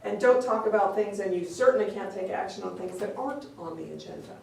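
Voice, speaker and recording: A woman's voice: mid-range voice, fast talker, gravelly, darkish tone, recorded from a distance, slight background noise. A woman giving a conversational training talk on meeting rules, explaining step by step and acting out little quoted exchanges. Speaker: open meeting law trainer. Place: district office meeting room. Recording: very echoey room, picked up from afar.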